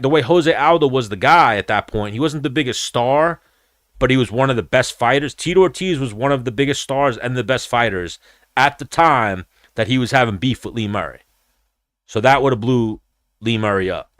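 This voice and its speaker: A man chats on a combat-sports podcast in a blunt, rambling way and swears freely. His voice sits at a mid pitch. It is recorded close and dry. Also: fairly bright tone, dry recording. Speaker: podcast host. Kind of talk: casual combat-sports chat.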